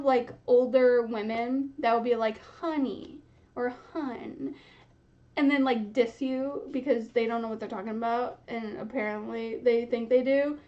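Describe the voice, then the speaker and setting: Young woman chatting about a book she's rereading, giggly, slow-ish pace, dull lo-fi sound. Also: fairly high pitch, warm tone. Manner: giggly, chatty, often laughing mid-sentence. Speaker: book reaction host. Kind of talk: casual reading reaction chat.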